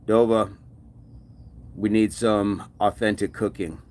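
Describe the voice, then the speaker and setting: A man's voice: on the low side, level tone, takes it slowly, a little mellow. A man hosting a casual live stream, upbeat and laughing often as he reads out viewer comments. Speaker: fitness streamer.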